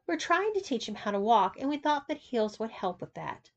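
A woman's voice: a little high, very animated, normal speed. A woman voicing a bossy, eager teenage girl who gushes over shoes. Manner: gushing.

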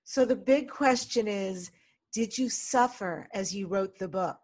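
A woman hosting an interview show, upbeat and quick to laugh. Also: medium pitch, a little mellow. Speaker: podcast host.

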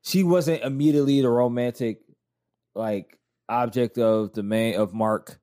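A man's voice: mid-range voice, fairly even intonation, a little slow, mellow. A man in his thirties from the American South, hosting a casual chat and telling loose, rambling stories full of restarts. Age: 30s.

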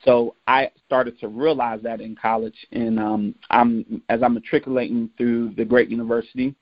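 A man's voice: medium pitch, normal speed, no echo. A man who played college football tells personal stories in a motivational talk, acting out the voices of the people he quotes. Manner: animated, acts out quoted voices. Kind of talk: storytelling talk. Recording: dull lo-fi dry recording.

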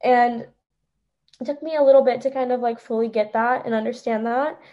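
A young woman, a podcast guest, telling an emotional personal story in a halting, tearful way with many fillers. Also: fairly high pitch, fairly even intonation, warm tone, lo-fi sound.

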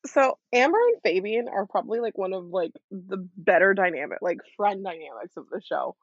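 A young woman co-hosting a casual podcast, talking fast and loose with lots of "like" fillers. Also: mid-range voice, no room sound, dull audio. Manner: chatty, many "like" fillers, excitable. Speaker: podcast co-host. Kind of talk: casual chat.

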